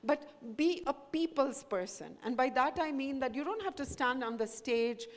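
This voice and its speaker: A woman from India gives students earnest, encouraging advice in a voice pitched a little high. The big hall adds a long reverb tail to every line. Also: expressive, moderate pace. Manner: earnest, encouraging, mixes Hindi into English. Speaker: guest speaker, professor. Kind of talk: talk to students.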